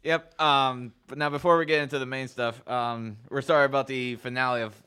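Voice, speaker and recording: A man's voice: medium pitch, steady tone, a little fast, pushed and bright, clear, resonant tone. A young man co-hosting a casual college radio show, laid-back, answering in short easygoing replies. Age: young adult.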